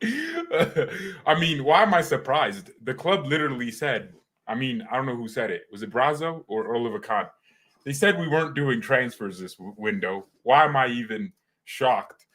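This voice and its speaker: A man hosting his own fan channel in an excited, rambling vlog, laughing often as he talks. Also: medium pitch, normal speed.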